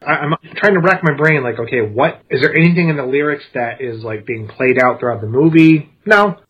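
A man's voice: mid-range voice, a little fast, husky, dull audio. A man co-hosting a casual film review chat, blunt and scathing in his criticism. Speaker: podcast co-host.

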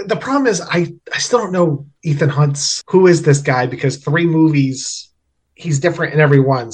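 Wry, slightly higher-voiced man critiquing films. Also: darkish tone. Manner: wry, critical remarks with occasional swearing. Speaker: podcast co-host. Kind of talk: casual movie commentary chat.

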